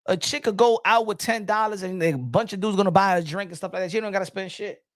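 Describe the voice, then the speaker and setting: A man's voice: high-pitched, fast, dry recording, clean studio sound. A man hosting a boxing podcast in a casual, blunt and profane rant, often repeating words as he restarts his thoughts.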